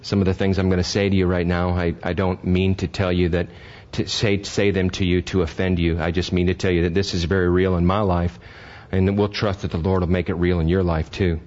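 An older pastor with a low voice delivers his sermon briskly and in a level tone, with few pauses and a slightly mellow quality. He talks plainly to his congregation, building to impassioned emphasis, in a dull lo-fi recording.

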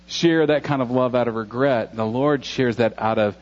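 A man in his forties preaches to his congregation in a relaxed, conversational way, earnest and now and then joking. His voice sits at an ordinary pitch. The recording sounds a little dull and lo-fi. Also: normal speed, few pauses. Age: 40s. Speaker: pastor. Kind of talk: sermon.

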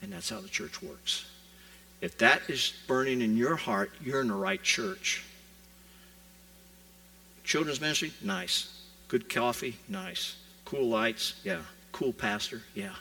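Gravelly, bright-voiced man preaching a sermon. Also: mid-range voice, takes it slowly, distant mic, poor audio. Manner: animated storytelling, voicing the people in his story. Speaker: pastor. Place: church sanctuary.

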